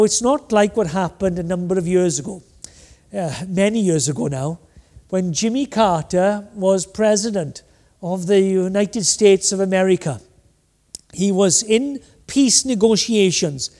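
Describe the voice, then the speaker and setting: A man's voice: high-pitched, unhurried, dark tone. A man preaching a sermon, emphatic and rhetorical. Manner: emphatic, rhetorical, acts out little voices. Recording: hall reverb.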